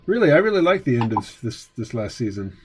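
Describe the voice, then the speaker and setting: A man's voice: mid-range voice, sing-song, a little fast. Wry, rambling man chatting while drawing. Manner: rambling, wry, laughs often. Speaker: streamer and cartoonist. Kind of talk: casual chat while drawing.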